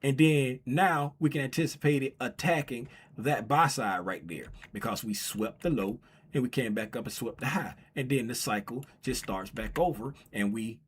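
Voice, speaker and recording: On a casual trading livestream, the male host speaks to his chat in a loose, playful way, his medium-pitched voice carrying a breathy edge at a moderate pace. Calling a giveaway race, he becomes loud and excited.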